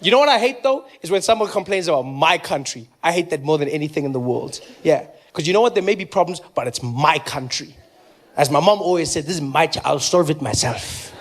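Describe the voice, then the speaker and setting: A South African man performing stand-up, his voice sitting high for a man. He tells animated stories and suddenly leaps into loud, shrill voices for the people he quotes. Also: fairly quick. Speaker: stand-up comedian. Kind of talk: stand-up comedy set.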